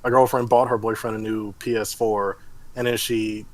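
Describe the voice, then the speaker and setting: A man's voice: lowish voice, normal speed, no echo. A man co-hosting a podcast, chatting casually and acting out quotes, with lots of "like". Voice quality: animated, lots of "like" and acted-out quotes. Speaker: podcast co-host. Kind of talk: casual chat.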